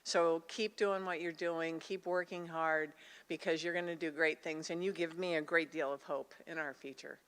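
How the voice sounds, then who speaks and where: A woman's voice: sits low, steady tone, normal speed, fairly bright tone, clean tone. An older woman giving an earnest, emotional awards speech to students in a college auditorium. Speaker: Secretary of State, competition judge. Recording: hall reverb.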